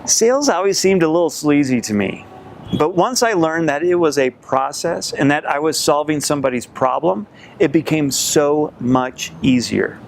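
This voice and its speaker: Man in his forties, gravelly voice, sales coach, earnest storyteller, faint noise behind. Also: fairly high pitch. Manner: earnest, reflective storytelling with pauses. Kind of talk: storytelling to camera.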